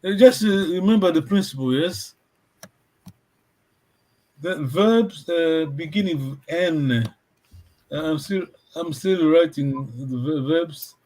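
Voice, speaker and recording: Patient male tutor on a video call, unhurried delivery, voice a touch high. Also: a little mellow. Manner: patient, keeps checking that students follow. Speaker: language teacher. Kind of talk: online language lesson.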